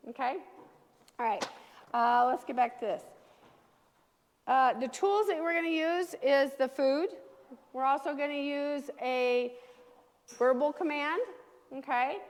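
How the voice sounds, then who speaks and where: A woman with a high voice runs a dog training class, coaching owners step by step. She keeps checking in with a quick "okay?" as she explains. Her voice carries a long reverb, as if recorded in a hall.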